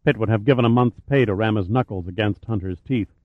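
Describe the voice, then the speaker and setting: A man narrating an audiobook in a measured, even reading voice. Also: on the low side, no echo. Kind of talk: scripted narration. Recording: tinny phone-like audio.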